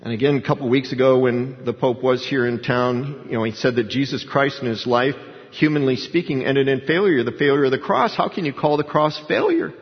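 A man's voice: medium pitch, fairly quick, hardly any pauses. Man preaching in an echoing hall. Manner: emphatic, conversational storytelling. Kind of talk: sermon. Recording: dull sound with long hall reverb.

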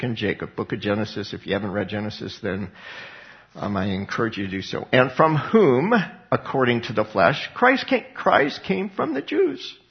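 A man preaching with emphasis, his voice sitting a little high for a man. He asks questions and then answers them himself. The recording sounds dull and lo-fi. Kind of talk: sermon.

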